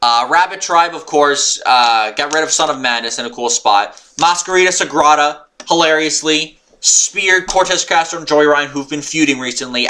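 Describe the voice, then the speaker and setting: Excitable man recapping wrestling, bright voice. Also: on the high side. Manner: excitable, rambling, swears, yells when annoyed. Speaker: wrestling show reviewer. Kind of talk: unscripted recap monologue.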